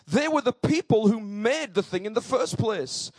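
A man preaching in church, telling a personal story and building to fervent, shouted exclamations. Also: sits high, expressive, moderate pace, few pauses, no room sound.

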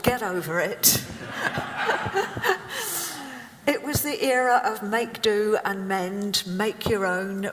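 A woman's voice: mid-range voice, big-room sound, a little hiss or hum. A woman in her seventies preaching a sermon, telling a story with humorous asides. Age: 70s. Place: church.

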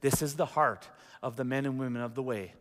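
A man's voice: mid-range voice, a little fast. A man preaching a sermon as pastor, reading a story aloud with asides to the congregation, and closing the service with a prayer. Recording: long reverb of a large hall.

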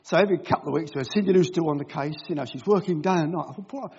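A man's voice: a little high, rapid-fire, a little mellow, breathy edge. An older man reading a Bible passage and then giving a humorous, self-deprecating talk full of anecdotes and voices. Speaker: speaker at a gathering. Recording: dull lo-fi recording.

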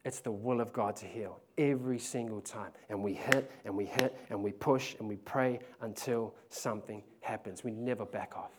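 A young man, preaching a testimony sermon. He tells the story in a slangy, animated way and laughs often. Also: lowish voice, normal speed, few pauses.

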